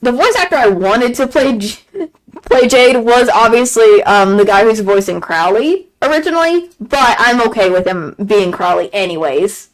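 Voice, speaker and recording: A woman streaming a game and chatting casually, gushing excitedly, repeating herself and laughing often. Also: on the high side, normal speed, rough recording. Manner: excited gushing fan talk, frequent laughs and repeated phrases. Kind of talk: casual chat on a live stream.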